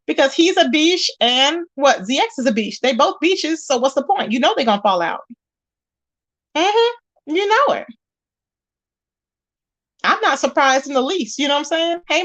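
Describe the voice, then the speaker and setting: High-voiced woman chatting on a livestream. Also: a bit bright. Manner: chatty, greets viewers by name, emphatic. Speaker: livestream gossip host. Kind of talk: casual live-stream chat.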